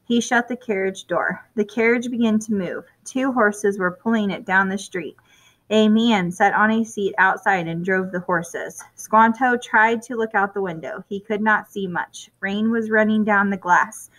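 Woman narrator for a kids' chapter book, clear and even, mid-range voice. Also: mid-range voice, measured pace, rough recording. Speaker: storybook reader. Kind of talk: reading a children's chapter book aloud.

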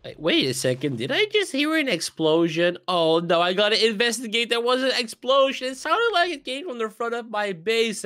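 High, lively, panicky young-sounding man. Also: normal speed. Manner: panicky, jumpy and exclamatory. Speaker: friend in a gaming video. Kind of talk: scripted gameplay reactions.

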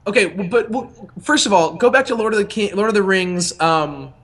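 A young man co-hosting a podcast, talking casually in a rambling, animated way that often breaks off and restarts. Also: sits high, a little fast. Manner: rambling, self-interrupting, animated. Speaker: podcast co-host.

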